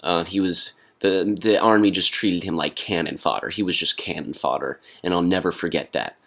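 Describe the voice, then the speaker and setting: Young male vlogger, low voice, dry deadpan delivery with hesitations. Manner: deadpan, halting with fillers. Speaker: comedy vlogger. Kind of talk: deadpan comedy monologue.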